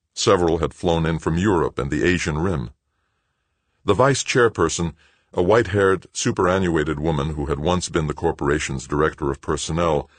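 A man narrating an audiobook in a measured, steady storytelling voice. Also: a bass voice, no room sound. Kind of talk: scripted narration.

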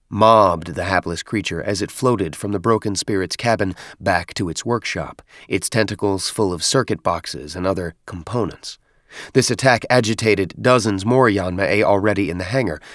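Deep male narrator, measured dramatic read, close dry studio sound. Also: no echo. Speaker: audiobook narrator. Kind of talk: scripted narration.

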